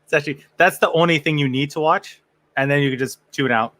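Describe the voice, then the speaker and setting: A man's voice: a little high, quick pace, fairly bright tone, no room sound. A man hosting a casual fan podcast, joking and rambling with frequent restarts. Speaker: podcast host. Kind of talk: casual chat.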